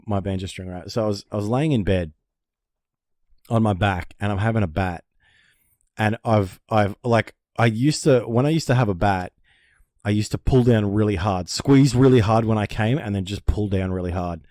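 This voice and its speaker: Profane, animated male storyteller. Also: on the low side, dry recording, clean studio sound. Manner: animated, profane storyteller who acts out panicked voices. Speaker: podcast co-host. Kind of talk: casual storytelling chat.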